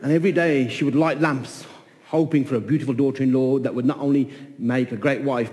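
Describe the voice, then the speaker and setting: A man telling a folk tale in an animated way, repeating phrases and voicing the characters. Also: mid-range voice, big-room sound. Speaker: storyteller. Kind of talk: oral folk-tale storytelling.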